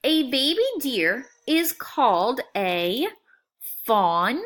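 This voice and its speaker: A woman teaching a phonics lesson to young students, sounding out words slowly and clearly in a friendly, coaxing way. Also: on the high side, big pitch swings, a bit bright. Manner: slow, clear, exaggerated sound-outs.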